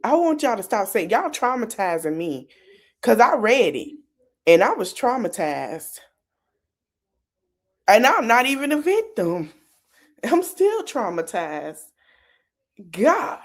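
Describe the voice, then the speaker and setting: A woman hosting a podcast, talking in animated, casual gossip and hedging her claims. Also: a little high, slow pace, pauses often. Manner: animated, repeatedly hedging with "allegedly". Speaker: podcast host.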